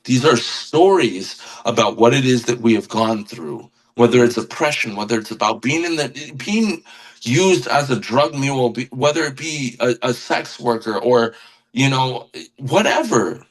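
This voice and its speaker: A guest musician on a podcast speaks with earnest passion in casual conversation, often repeating words as he searches for them. His mid-range voice is animated and unhurried, and the recording is rough.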